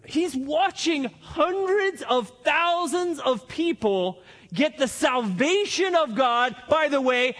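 A male pastor giving an animated sermon and acting out the lines of the story's characters. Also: very high voice, slow, in a large hall.

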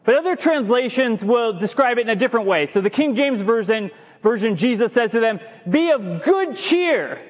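A male pastor with a very high voice delivers a lively sermon to his congregation. He lingers on the words he wants to land and trips over himself now and then. His voice rings through the long reverb of a church hall. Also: normal speed. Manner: lively preaching, stretches key words, stumbles and restarts. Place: church sanctuary.

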